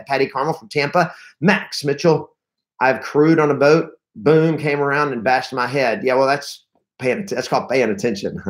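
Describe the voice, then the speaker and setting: Brief: male real estate trainer, mid-pitch, energetic storyteller, acts out panic, restarts words often. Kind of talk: live-streamed coaching talk.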